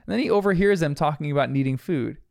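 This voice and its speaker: A man's voice: a little high, animated, quick pace, vocal fry, darkish tone, no echo, studio quality. A young man giving a casual, chatty recap of a cartoon episode, reflective and full of fillers. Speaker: episode reviewer.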